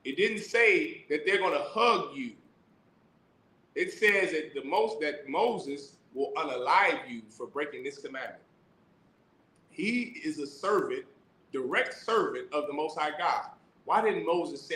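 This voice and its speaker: A man's voice: on the high side, animated, unhurried, sharp tone, reverberant, slight background noise, poor audio. A man teaching scripture in a sermon style, preaching emphatically with rhetorical questions and reading verses aloud. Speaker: teacher of a religious class.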